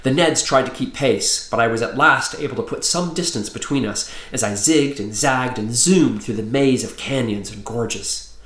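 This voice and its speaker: A man reads his children's book aloud in a friendly, lively storytelling manner, at a middle pitch for a man. He keeps the tone upbeat for young listeners. The recording has a noticeable roomy echo. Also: moderate pace.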